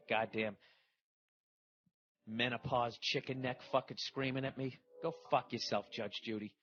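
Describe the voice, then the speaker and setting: A man's voice: medium pitch, a bit bright. Profane middle-aged man ranting, lo-fi. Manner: profane, heated, rambling. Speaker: podcast host. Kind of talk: ranting comedic monologue. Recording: dull lo-fi recording.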